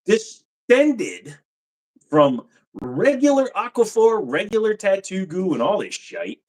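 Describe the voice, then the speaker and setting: A man chats loosely on his home livestream, talking straight to his viewers at the computer. His pitch swings widely as he jokes around. He keeps slipping into goofy put-on accents. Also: big pitch swings, takes it slowly, a little mellow. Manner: playful, slips into silly put-on accents. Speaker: livestream host answering chat questions. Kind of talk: casual livestream chat.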